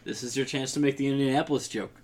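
A man's voice: mid-range voice, steady tone, quick pace, noisy background. A man co-hosting a podcast, chatting casually and teasing his friends, laughing often. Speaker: podcast co-host. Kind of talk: casual chat.

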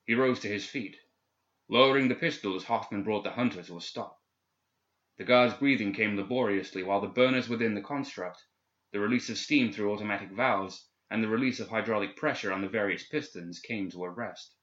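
A man reading a story aloud in steady, measured audiobook narration. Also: fairly low pitch. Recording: echoey, slightly dull recording.

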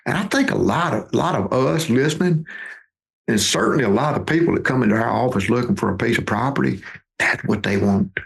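Gravelly man in his fifties. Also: mid-range voice, animated, a little fast. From Mississippi, USA. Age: 50s. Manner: folksy, repeats words as he restarts. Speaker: podcast guest, duck hunting outfitter. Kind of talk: conversational storytelling.

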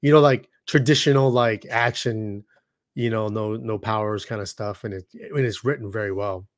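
A man co-hosting a podcast in casual chat, talking in an excitable, slangy way and acting out scenes as he goes. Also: fairly low pitch, normal speed, dry recording, clean studio sound. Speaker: podcast co-host.

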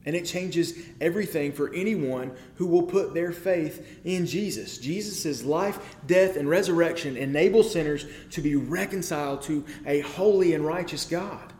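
A man's voice: a little high, moderate pace, few pauses, darkish tone, roomy sound. A man preaching a sermon in a conversational way, often checking in with the listeners and building to emphatic peaks.

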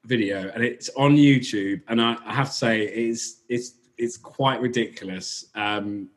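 A man from England chats casually as a guest about his bakery. He rambles, stops and restarts, and fills the gaps with ums, at a middling pitch. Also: a little slow. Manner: rambling, filler-heavy, self-correcting. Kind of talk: casual interview chat.

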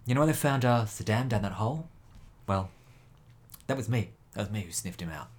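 A boastful old talking dog, a tall-tale teller who rambles on in a laid-back way, as a man puts him on for a joke. The voice sits low and unhurried, full of casual fillers. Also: expressive. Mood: rambling.

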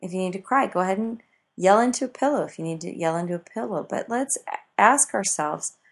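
A woman teaching self-help ideas in a motivational talk, expressive and acting out everyday examples. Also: medium pitch, a little fast.

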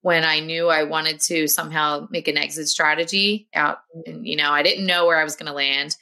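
Bright-voiced woman coaching with encouragement. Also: sits low, fairly even intonation, moderate pace. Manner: earnest and encouraging, motivational. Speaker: health coach guest. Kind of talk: casual podcast conversation.

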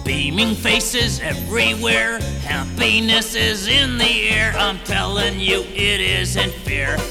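Gravelly grouch singing. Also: male voice, high voice, slow pace, full character voice. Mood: grumbling. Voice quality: gravelly, growling. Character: grumpy male puppet grouch singing. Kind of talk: sung song clip. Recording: song clip with guitar backing. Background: guitar music.

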